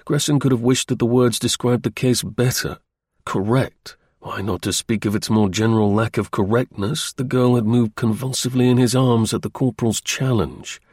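A man narrating an audiobook in a measured, unhurried reading. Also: medium pitch, fairly even intonation, darkish tone, husky, no echo, studio quality.

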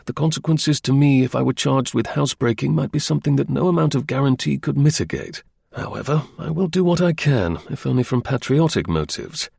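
Storybook role: stern commanding detective, gravelly and husky, read by a man. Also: medium pitch, expressive, a little mellow, no room sound, clean studio sound, pitched above the performer's own voice, exaggerated voice. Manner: stern, measured. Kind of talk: audiobook reading.

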